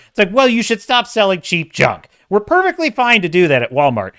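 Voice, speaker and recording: A man's voice: high voice, wildly swooping pitch, fairly quick, hardly any pauses, a bit bright, no echo, studio quality. A man hosting a casual commentary show, ranting in an emphatic, exasperated way. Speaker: host.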